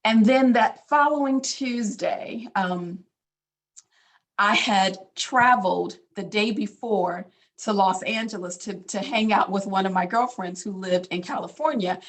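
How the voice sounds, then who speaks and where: A woman's voice: mid-range voice, unhurried. A middle-aged woman and physician telling a personal family story in a casual, filler-heavy way. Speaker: physician speaker. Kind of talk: personal testimony talk.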